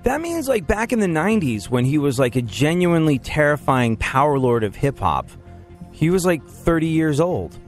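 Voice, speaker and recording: A man's voice: fairly high pitch, sing-song, moderate pace, soft background music. A man hosting a radio show, rambling through jokes and laughing often. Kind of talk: casual banter on a radio show.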